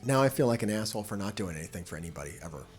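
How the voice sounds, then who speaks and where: A man chats loosely on a live stream, with a lively voice that climbs and drops. He swears freely and laughs often. Soft music plays faintly underneath. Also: lowish voice, racing. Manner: profane, rambling, laughs often. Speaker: livestream host. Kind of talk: casual live-stream chat.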